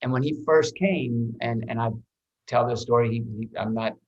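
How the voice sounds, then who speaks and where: A man, an actor guesting on a podcast, telling anecdotes in a lively way, swearing freely and restarting his words often. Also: mid-range voice, normal speed, highs cut off.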